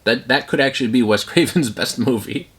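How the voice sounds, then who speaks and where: A man's voice: medium pitch, a little fast, fairly bright tone. Rambling man in a casual vlog. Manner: rambling, full of fillers and restarts. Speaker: collector reviewing his movie collection. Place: at home.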